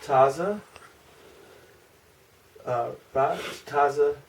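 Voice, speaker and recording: A man with a Chicago accent teaching a small group class, asking questions and slowly repeating syllables. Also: fairly high pitch. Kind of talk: informal group language lesson. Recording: distant room mic with faint noise.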